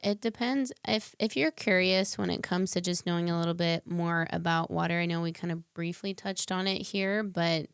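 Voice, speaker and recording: Gravelly, smooth-voiced woman guest. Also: fairly low pitch, fairly even intonation, normal speed, few pauses, no echo, clean studio sound. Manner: earnest, talks in long winding explanations with fillers. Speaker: podcast guest. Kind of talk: casual interview conversation.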